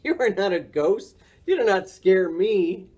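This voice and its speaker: A woman's voice: mid-range voice, animated, unhurried, darkish tone, breathy edge, pitched above the performer's own voice. A woman reading aloud and voicing a silly, naive male storybook character who asks eager questions.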